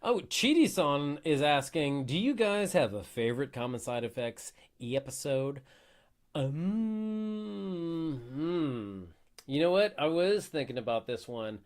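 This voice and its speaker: Expressive American man in casual chat. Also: on the high side, slow pace. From United States. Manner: easygoing, swears casually, reads chat questions aloud. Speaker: co-host of a show review podcast.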